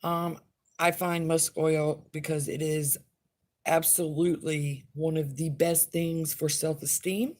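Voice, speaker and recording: A woman making spell oils in a casual vlog, talking bluntly and plainly, with a relaxed down-home drawl. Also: sits low, takes it slowly. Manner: blunt and outspoken.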